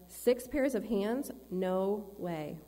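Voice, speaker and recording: A woman's voice: medium pitch, animated, drawn-out words, dark tone. A woman reading the lines of a doubting female angel, in a reverberant church hall. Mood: questioning.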